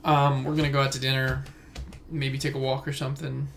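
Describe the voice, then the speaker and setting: A man's voice: medium pitch, little pitch movement, brisk, creaky, fairly bright tone, a little hiss or hum. A young man in his twenties hosting a casual solo podcast from his room at home, recorded on a phone, rambling and going off on tangents. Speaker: podcast host. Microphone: phone camera.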